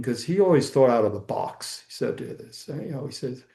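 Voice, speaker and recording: An older man, a senior physician, answering in a rambling, anecdotal way with many pauses and fillers. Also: medium pitch, animated, creaky, mellow, echoey room. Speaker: guest physician. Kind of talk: storytelling interview answer.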